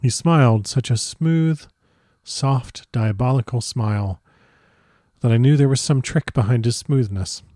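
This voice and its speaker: A man reading a first-person diary aloud as a dramatic audiobook narrator, measured and grave. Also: medium pitch, dark tone, no echo, clean studio sound.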